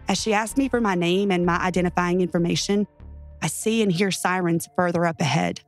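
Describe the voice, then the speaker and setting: A woman's voice: fairly low pitch, steady tone, a little fast, soft background music. A woman narrating a true first-person story in an earnest, tense way.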